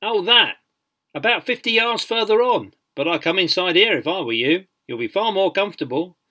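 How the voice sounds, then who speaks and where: A man's voice: high voice, animated, moderate pace, pushed and bright, voice pushed up. A man reading aloud, voicing a teasing, mock-helpful asylum gatekeeper in an audiobook. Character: mocking male asylum gatekeeper, joking.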